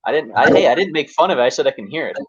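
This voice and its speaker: A Canadian man hosting a pool tournament livestream, relaxed and joking, with many fillers. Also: fairly high pitch, very fast, muffled recording. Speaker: tournament host. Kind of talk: livestream commentary.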